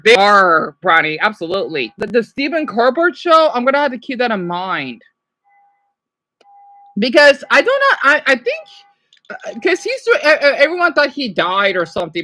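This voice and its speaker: Lively, bright-voiced woman streamer chatting. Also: fairly high pitch, normal speed. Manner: rambling, excitable, talks back to viewers. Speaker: streamer reacting to videos. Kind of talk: casual reaction chat.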